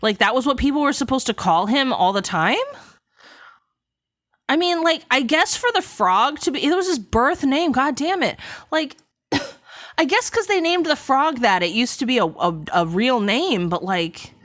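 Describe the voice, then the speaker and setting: A woman chatting casually on a live stream, rambling and cutting herself off mid-thought. Her voice swings widely in pitch, and coughs break up her talk now and then. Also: normal speed. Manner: rambling, animated, frequent self-interruptions. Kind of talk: casual live-stream book critique chat.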